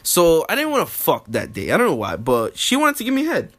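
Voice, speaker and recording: A man's voice: fairly high pitch, wildly swooping pitch, brisk, a bit bright. A young man telling a story in casual chat, acting out quotes and laughing often.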